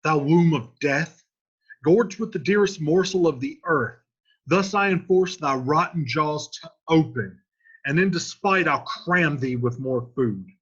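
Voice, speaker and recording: A man's voice: medium pitch, expressive, normal speed, pushed and bright, slightly rough, dull audio. A man reading the part of a desperate, grief-stricken young male lover from a classic play aloud, in a pleading, urgent voice. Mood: grim.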